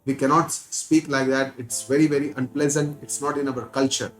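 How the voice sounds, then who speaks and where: A man's voice: fairly high pitch, poor audio. Earnest Indian man teaching scripture. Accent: Indian English. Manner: earnest, repeats words for stress, chants verses slowly. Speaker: Gita teacher. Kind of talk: spiritual discourse.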